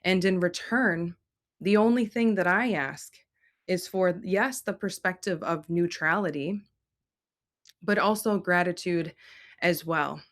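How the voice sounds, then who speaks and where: A woman's voice: fairly low pitch, natural voice. A woman channeling a serene Earth mother spirit. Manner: slow, measured, solemn pronouncements. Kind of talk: spoken channeling.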